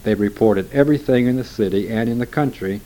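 A man reading scripture aloud in a steady, measured way. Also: mid-range voice, low-quality recording. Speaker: scripture reader.

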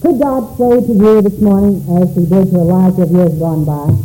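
A man preaching a sermon, his voice high for a man yet dark and mellow, swinging widely up and down as he calls out questions. The church room rings with echo. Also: fairly even intonation, normal speed, faint music behind. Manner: dramatic preaching, calling out questions. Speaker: pastor.

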